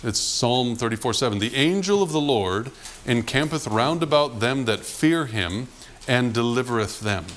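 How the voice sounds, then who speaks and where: A man's voice: mid-range voice, normal speed, slight background noise. A man preaching a sermon, telling a personal story from his past and acting out the people in it. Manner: animated storyteller, acts out quotes. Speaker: pastor.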